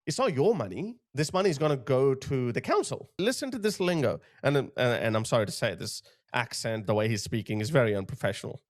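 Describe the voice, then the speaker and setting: A man's voice: mid-range voice, animated, a little fast. A male commentator giving emphatic, indignant opinion commentary on a video he plays. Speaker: political commentator.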